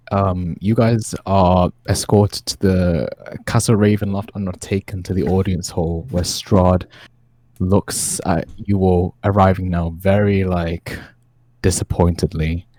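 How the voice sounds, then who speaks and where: A man's voice: sits low, fairly even intonation, takes it slowly, mellow. A man running a tabletop game as game master, narrating in a hesitant way with frequent ums.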